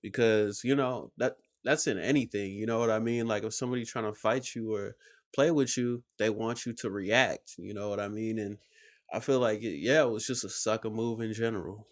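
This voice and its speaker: A man's voice: fairly low pitch, fairly even intonation, normal speed. A man hosting a reaction video, talking casually and rambling with lots of fillers. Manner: rambling, full of "like" and "you know". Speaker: reaction channel host.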